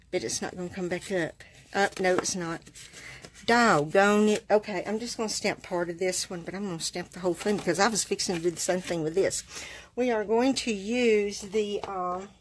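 A woman's voice: mid-range voice, normal speed, slight background noise. A woman chats in a folksy, rambling way with viewers during a live card-making demonstration. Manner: chatty, folksy, rambling asides. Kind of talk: live craft demo chatting with viewers.

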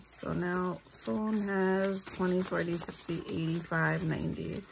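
A woman's voice: lowish voice, animated, a little slow, vocal fry, a little hiss or hum. A tired woman, talking casually while counting out cash for her budget and making self-deprecating asides. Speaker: budgeting vlogger, single mother.

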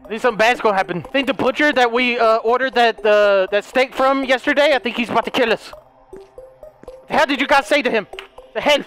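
A young man giving comedic let's play commentary, frantic and pleading, shouting and laughing as he plays. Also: very high-pitched, a little fast, faint music behind. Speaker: gaming video host.

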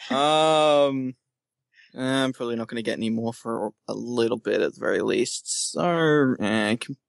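A man's voice: mid-range voice, unhurried, vocal fry, dry recording. A man playing a tabletop game over voice chat, joking and playful. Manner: jokey, playful. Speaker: player.

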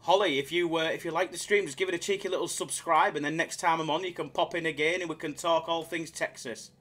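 Excitable man streaming slots. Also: a little high, fast talker. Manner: excitable, self-mocking, swears freely. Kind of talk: casual live-stream chat.

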